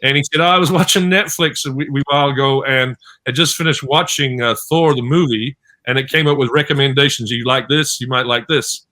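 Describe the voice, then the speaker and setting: A man with a New Zealand accent talks over a video call, a guest spinning chatty anecdotes. His tone is bright and forward, sitting at a mid pitch. He brings the people in his stories to life with little acted lines. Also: fairly even intonation, a little fast. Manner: chatty storyteller, acts out quoted lines. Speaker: guest actor on a fan panel. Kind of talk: casual panel chat over video call.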